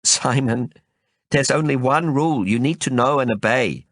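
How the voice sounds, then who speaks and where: A man reading the lines of a composed, resolute young woman, in a calm, firm and guarded manner. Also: mid-range voice, normal speed, no room sound, studio quality, voice pushed up, lightly acted.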